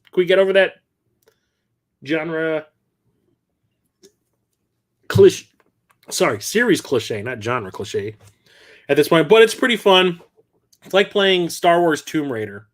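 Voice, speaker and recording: A man hosting a casual livestream, rambling and correcting himself as he talks, quick to laugh. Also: on the high side, fairly bright tone. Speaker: livestream host. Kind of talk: casual livestream chat about his game collection.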